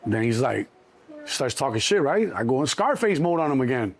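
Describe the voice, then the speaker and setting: A middle-aged man from Chicago, a guest in an interview, telling his story in an animated way and acting out the people in it. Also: medium pitch, a little fast, breathy edge. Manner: animated, acts out cops and himself in quotes.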